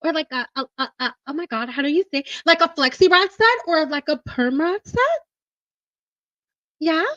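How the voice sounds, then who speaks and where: A woman doing an overly polite young woman calling a salon, high and sweet, stumbling over ums and saying sorry again and again. The sound is a little dull and dry, like a livestream mic. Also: normal speed, a bit bright, no echo, distant mic. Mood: timid polite. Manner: hesitant, apologetic, full of ums and sorries.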